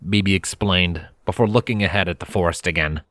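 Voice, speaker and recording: Deep-voiced man reading a story aloud. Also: a little fast, fairly bright tone. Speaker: fanfiction reader. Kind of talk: storybook narration.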